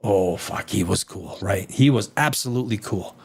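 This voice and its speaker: A man hosting a live stream, ranting casually with profanity, jumping between loud outbursts and low mutters. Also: normal speed, vocal fry, husky. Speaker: live show host.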